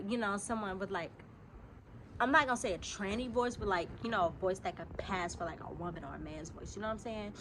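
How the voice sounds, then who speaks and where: Animated, profane woman telling a story. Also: mid-range voice, slight background noise. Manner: animated and profane, swinging from hushed asides to loud outbursts. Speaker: storytime vlogger. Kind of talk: casual storytelling to viewers.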